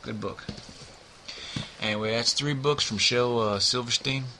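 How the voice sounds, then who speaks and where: A man's voice: medium pitch, unhurried, pushed and bright, slight background noise. A man giving a rambling, profane book review, peppering nearly every line with "you know what I mean.".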